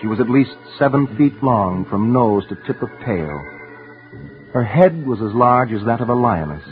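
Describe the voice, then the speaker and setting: A man giving earnest, intense first-person dramatic narration for a radio story, sometimes dropping to hushed tones. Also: medium pitch, animated, moderate pace. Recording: tinny old radio broadcast with faint music.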